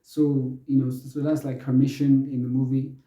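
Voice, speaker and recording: Dark-voiced man rambling through a movie review. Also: medium pitch, flat delivery, normal speed, echoey room, poor audio. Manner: rambling, many fillers and restarts, laughs easily. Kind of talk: casual spoken movie review.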